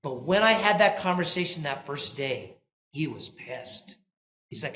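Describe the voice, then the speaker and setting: A man's voice: on the high side, unhurried. A man who founded a company, talking in a podcast interview and acting out the voices of people in his stories. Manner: animated storyteller, acts out quoted dialogue. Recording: roomy echo.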